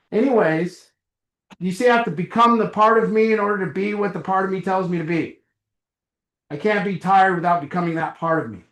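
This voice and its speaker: Man, middle-aged, high-pitched voice, casual recovery group talk, acts out dialogue, echoey meeting room. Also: a bit bright. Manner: conversational, acts out little dialogues with a chuckle. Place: meeting room with a small audience.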